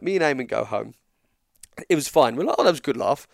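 An English man spins a story in a relaxed chat, his voice swinging widely up and down as he acts out what others said. The sound is close and dry, with little room around it. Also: fairly high pitch, a little fast, creaky, no room sound. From England. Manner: animated, acts out dialogue in quotes. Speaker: guest storyteller.

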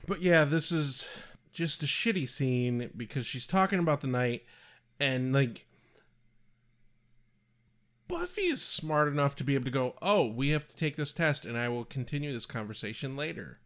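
A man's voice: very animated, normal speed, a bit bright. A man co-hosting a casual podcast, giving blunt opinions on a TV show. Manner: opinionated, swings pitch for emphasis. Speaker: podcast co-host. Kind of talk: casual chat about a TV show.

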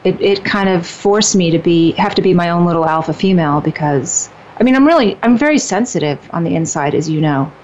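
A woman in her fifties talking casually about dating and relationships, animated and emphatic, often restarting her sentences. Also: lowish voice, a little fast, few pauses, slight background noise. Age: 50s. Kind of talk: casual conversation. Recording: dull lo-fi sound.

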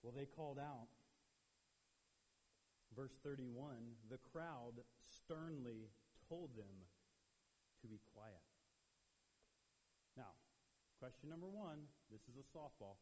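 A man preaching a youth sermon in an animated way, acting out the people he quotes, with a husky voice. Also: medium pitch, slow pace, long pauses. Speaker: youth pastor. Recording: long hall reverb.

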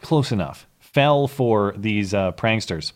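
A man's voice: fairly low pitch, animated, takes it slowly. A man hosting a podcast, giving comedic news commentary with sarcastic asides and bursts of laughter. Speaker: podcast host.

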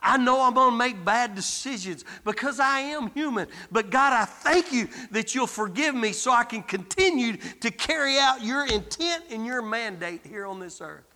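Male guest preacher, bright ringing tone, rallies the congregation, long church reverb. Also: very high-pitched, lively intonation, normal speed, few pauses. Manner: exhorting, calls out to the congregation. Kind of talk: sermon. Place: church sanctuary.

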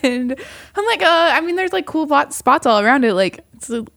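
A young woman with a high, gravelly voice talks fairly quickly in clean studio audio with no echo. Co-hosting a podcast, she tells dating stories in casual chat, acting out both sides animatedly and saying "like" frequently.

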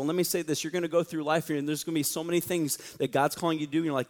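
A man preaching to a young church audience in a joking, energetic storytelling way. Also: fairly high pitch, fast, few pauses. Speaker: youth pastor. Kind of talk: sermon. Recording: long reverb of a large hall.

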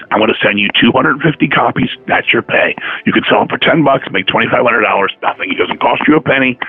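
A man telling stories in a casual chat, profane and animated, acting out the dialogue of the people he quotes. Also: mid-range voice, creaky, husky. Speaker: podcast guest, metal musician. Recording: tinny phone-line audio.

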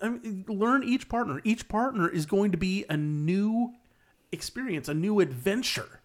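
A woman's voice: medium pitch, animated, a little slow. A woman co-hosting a casual chat, blunt and emphatic as she steers the topic.

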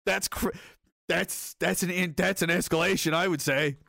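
A man streams loose, rambling commentary in a fairly high voice, restarting sentences, swearing freely and chuckling between thoughts. His voice sits close and dry, with no room sound around it. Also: fairly even intonation, normal speed, creaky, pushed and bright, no room sound. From North America. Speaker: streamer reading chat. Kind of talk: casual commentary.

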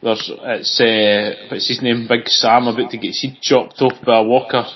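A man's voice: mid-range voice, level tone, normal speed. A Scottish man co-hosting a football podcast, teasing his partner and laughing often. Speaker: podcast co-host. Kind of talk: casual football podcast banter. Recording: dull lo-fi audio.

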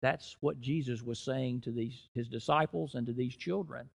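A middle-aged man preaching a sermon in a church, rising and dropping in loudness and slowing down to stress key phrases. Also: medium pitch, gravelly, breathy edge. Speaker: guest preacher.

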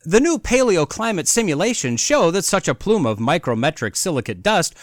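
Sarcastic man with a lively voice. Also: on the high side, fairly quick, no echo, clean studio sound. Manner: sarcastic, mocking, reads quotes aloud. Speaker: podcast host. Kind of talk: sarcastic commentary on an article.

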